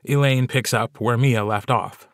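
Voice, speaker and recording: A man hosting a podcast, giving clear, scripted narration that explains and links the stories. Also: mid-range voice, fairly even intonation, measured pace, no room sound. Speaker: podcast host.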